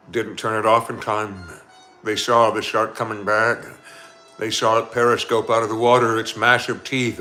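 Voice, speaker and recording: A channel host on a live stream tells a suspenseful story in a fairly low, bright, forceful voice. He mixes dramatic narration with chatty asides to his viewers.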